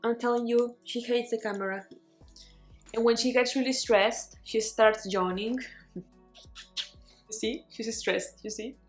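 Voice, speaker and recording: A young woman who grew up speaking chats through her reading day, playful and full of "like" fillers. Her voice sits a little high. The room is echoey, with light music under her talk. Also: fairly even intonation, a little slow, pauses often. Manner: chatty, playful, rambling with many "like" fillers. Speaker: book vlogger. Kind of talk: casual vlog chat. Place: bedroom at home.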